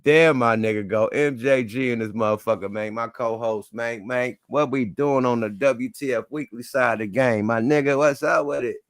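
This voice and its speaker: A man hosts a livestream in loose, profane banter, laughing between lines. His voice is rough and gravelly, sitting in a middle register. The sound is dry and close. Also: mid-range voice, normal speed, hardly any pauses, dry recording. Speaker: livestream show host. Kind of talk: casual livestream chat.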